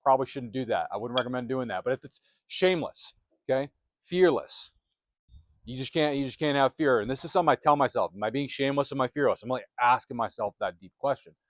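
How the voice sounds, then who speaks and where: A man's voice: mid-range voice, no room sound. Emphatic man giving motivational advice. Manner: emphatic and repetitive, punchy short phrases. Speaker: self-help channel host. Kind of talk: motivational talk to camera. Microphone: close microphone.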